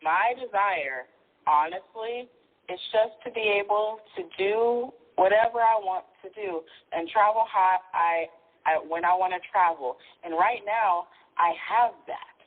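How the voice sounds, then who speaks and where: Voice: medium pitch, measured pace. A caller on a radio show who talks in a candid, chatty way. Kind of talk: casual phone chat. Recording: tinny phone line.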